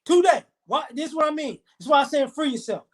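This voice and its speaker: A man's voice: very high-pitched, animated. A man ranting as he tells a story, swearing often and acting out the dialogue of the people in it. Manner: profane, heated, fast retelling with quoted dialogue. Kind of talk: storytelling rant to camera.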